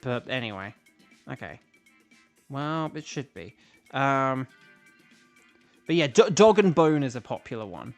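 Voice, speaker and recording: A young British man of medium pitch speaks a little slowly with long pauses and big pitch swings, soft music playing behind him. He's a streamer and voice actor chatting casually to his stream as he plays, rambling with many fillers and restarts.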